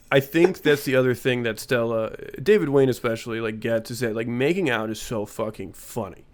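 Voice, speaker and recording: A man co-hosting a casual comedy podcast, talking in a relaxed, halting way and recapping scenes. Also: medium pitch. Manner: relaxed, hesitant with many uh fillers. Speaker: podcast co-host.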